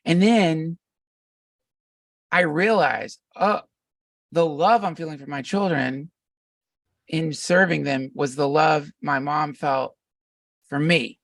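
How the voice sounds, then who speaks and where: Middle-aged male guest, gravelly, reflective, restarts a lot; dry, slightly distant pickup. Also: fairly high pitch, slow, long pauses, fairly bright tone, no room sound. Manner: reflective, meandering, many restarts. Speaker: podcast guest. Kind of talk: casual conversation.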